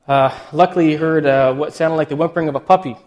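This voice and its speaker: A male pastor giving a sermon, emotional and choked up, halting with many restarts and fillers. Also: fairly high pitch, fairly even intonation, darkish tone, muffled recording.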